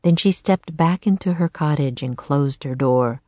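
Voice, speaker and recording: A woman narrating a children's storybook aloud in a calm, even manner. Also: low voice, unhurried, no room sound.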